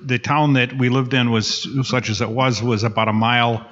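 A man's voice: mid-range voice, steady tone, normal speed, fairly bright tone. Older man telling wry stories, lo-fi. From Upper Peninsula of Michigan, raised in Wisconsin. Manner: wry, self-deprecating, rambling with restarts. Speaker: guest. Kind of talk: casual interview storytelling. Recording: dull lo-fi podcast recording.

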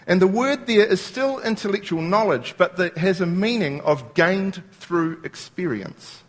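A man's voice: sits high, animated, normal speed. A man preaching a sermon, explaining scripture word by word and quoting lines as he goes.

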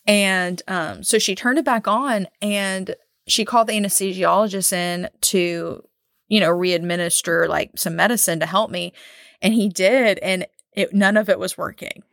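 A woman's voice: medium pitch, fairly even intonation, normal speed, creaky, fairly bright tone, no room sound, clean studio sound. A woman in her thirties chatting casually on a podcast, telling a long story with lots of "like" and acting out what others said. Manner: chatty storytelling, many "like"s, acts out quotes. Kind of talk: casual chat.

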